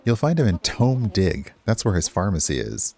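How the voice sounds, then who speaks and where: A man's voice: deep voice, big pitch swings, normal speed, a little mellow, heavily acted. Brief: a man reading a yawning, bored young shopkeeper in a cosy game. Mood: drowsy. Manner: bored, drowsy. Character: sleepy young male shopkeeper.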